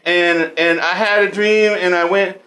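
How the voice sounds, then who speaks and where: High-voiced man rambling a joke speech. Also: fairly even intonation, unhurried, bright, forceful tone. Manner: rambling, jokey. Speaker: podcast regular. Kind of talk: mock acceptance speech.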